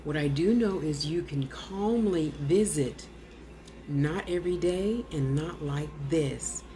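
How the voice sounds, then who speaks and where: A woman's voice: low voice, slow pace, mellow, slight background noise. Woman soothing an unseen spirit. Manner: coaxing, soothing, blunt asides. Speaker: vlogger talking to a spirit. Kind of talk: casual one-sided spirit talk.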